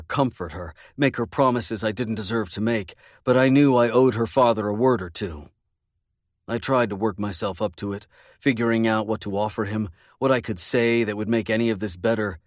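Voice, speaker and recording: A man narrating a first-person romance audiobook in a measured, intimate way. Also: lowish voice, dry recording, clean studio sound.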